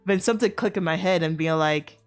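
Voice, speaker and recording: A woman's voice: lowish voice, a little fast. A woman streamer telling a casual, rambling story to her chat, full of fillers, restarts and the odd swear word. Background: faint background music.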